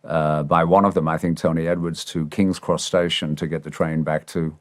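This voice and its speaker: A man's voice: very deep voice, normal speed, no echo, studio quality. An English man in his sixties, telling an anecdote casually and acting out the voices of people he quotes. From England. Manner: animated, acts out quoted voices. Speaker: interviewee. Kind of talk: casual storytelling.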